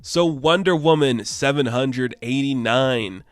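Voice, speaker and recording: A man's voice: medium pitch, takes it slowly, no echo, soft background music. A young man giving a casual, enthusiastic and rambling video review as the channel host. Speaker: comic book reviewer.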